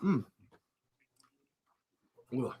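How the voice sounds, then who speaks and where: A man's voice: drawn-out words, dark tone, slight background noise. A man hosting a casual podcast chat, rambling and playful and laughing often. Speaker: podcast host.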